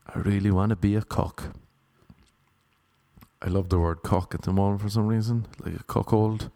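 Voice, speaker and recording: A man's voice: lowish voice, moderate pace. Rambling Irish man doing stand-up. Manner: rambling, deadpan self-mocking anecdotes. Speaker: comedian. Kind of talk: stand-up storytelling.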